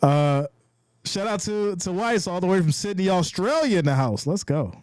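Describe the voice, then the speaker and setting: A man's voice: high voice, very animated, normal speed, no echo. Hyped man calling plays on a live stream. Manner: hyped, shouting and cheering on big plays; reads viewer chat aloud. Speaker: live stream game reaction host. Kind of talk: live play-by-play reaction stream.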